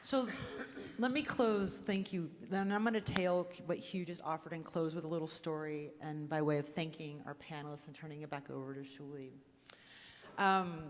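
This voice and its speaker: A woman's voice: low-pitched, moderate pace. A woman closing a live panel talk with a story, earnest and building to rising questions. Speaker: panel moderator closing a synagogue conversation. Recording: reverberant hall recording.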